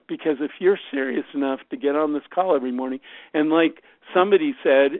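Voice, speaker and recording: Gravelly man on a tinny phone line. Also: fairly high pitch, lively intonation, fast, no echo. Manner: rambling, full of fillers and restarts. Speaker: team leader on a morning call. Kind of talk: motivational talk on a conference call.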